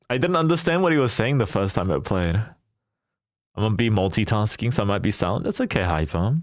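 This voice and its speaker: A man's voice: on the low side, animated, a little fast, dry recording, studio quality. A young man live-streaming a game, chatting casually and animatedly with his viewers and laughing often.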